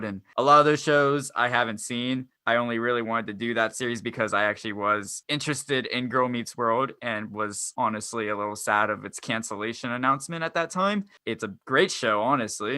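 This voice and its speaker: A man's voice: medium pitch, pushed and bright, clear, resonant tone, no echo, clean studio sound. A man in his twenties hosting a casual podcast, joking at his own expense and rambling through explanations. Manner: jokey, self-deprecating, rambling. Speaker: podcast host.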